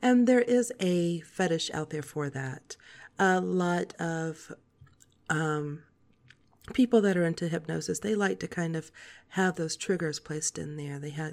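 Soft, calm woman in her forties. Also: lowish voice. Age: 40s. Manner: soft, calm, slow-paced delivery. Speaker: podcast host. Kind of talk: calm spoken monologue.

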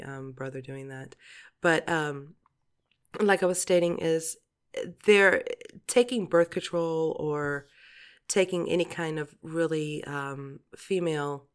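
A woman in her forties hosting a podcast, talking in a chatty, rambling monologue, laughing often and swearing casually. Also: on the low side. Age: 40s. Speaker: podcast host.

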